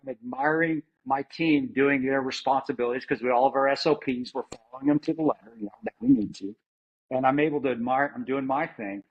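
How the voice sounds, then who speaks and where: A husky middle-aged man from the United States talks through his combat memories in a candid, plain-spoken way, often restarting sentences and swearing now and then. The audio is dull and a bit lo-fi, like a modest podcast setup. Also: mid-range voice, fast. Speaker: interview guest, former Army Ranger and security contractor. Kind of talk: candid conversational storytelling.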